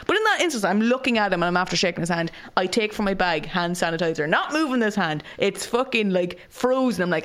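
A woman's voice: medium pitch, fast talker, hardly any pauses. Irish woman telling a story animatedly. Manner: animated storytelling, heavy swearing, acts out quoted voices. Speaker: podcast co-host. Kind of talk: casual chat.

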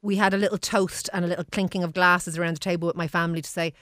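A woman's voice: fairly low pitch, fairly even intonation, racing, fairly bright tone, no room sound, clean studio sound. An Irish woman speaking as a radio panellist, wry and mock-indignant.

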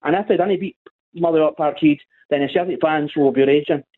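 A high-voiced Scottish man calls in to a football radio show, complaining and peppering his talk with "right?". He comes through a thin, tinny phone line. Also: fast talker. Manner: grumbling, repeats "right?" often. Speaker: caller.

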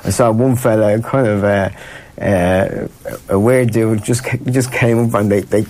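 With slight background noise, a guest from Ireland spins casual stories, chatty and meandering, frequently laughing and starting over. He speaks unhurriedly in a fairly low, darkish voice with a steady tone.

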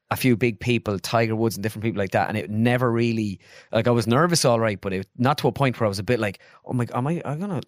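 A man with an Irish accent, a guest in casual chat, telling rambling, animated stories. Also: medium pitch, dry recording, studio quality. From Ireland. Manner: rambling, animated, breaks into impressions.

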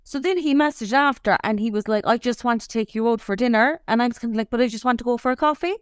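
A young Irish woman telling an animated story on a podcast, swearing freely as she talks. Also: a little high, quick pace, smooth, no echo, studio quality. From Ireland. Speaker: podcast co-host. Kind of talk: casual chat.

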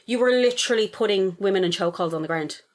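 A woman's voice: mid-range voice, fast talker. A young Irish woman co-hosting a podcast, ranting animatedly with plenty of swearing and laughter. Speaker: podcast co-host. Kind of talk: casual chat.

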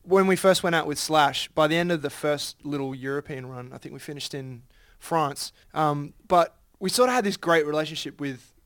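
An upbeat man chats about his band, laughing often. His voice is a little higher than most men's and recorded dry and close. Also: moderate pace, few pauses, fairly bright tone, no echo. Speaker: band member. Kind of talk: casual interview chat.

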